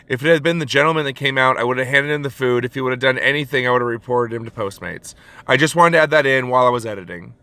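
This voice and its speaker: A man shares delivery-driver stories and tips in a relaxed, chatty way, full of fillers. His voice is bright and forceful. The sound is dry and close, with no room echo. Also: medium pitch. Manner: conversational, loose, many fillers like "like" and "um"; acts out his own polite apologies in quotes. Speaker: food delivery driver and vlogger. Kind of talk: casual storytelling and advice.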